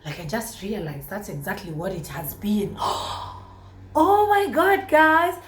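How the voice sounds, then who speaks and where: A Kenyan woman chats straight to camera in a casual vlog, exclamatory and animated, mixing English with Swahili. Her voice sits at a middle pitch. The room rings with a noticeable echo, and a faint hum runs underneath. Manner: chatty, exclamatory, switches between English and Swahili. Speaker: vlogger.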